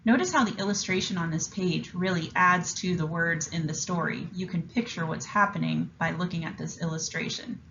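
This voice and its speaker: A woman teacher reading a picture book aloud with an expressive, enthusiastic delivery and explaining a writing lesson to young students. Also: on the low side, moderate pace, vocal fry, few pauses, muffled recording, slight background noise.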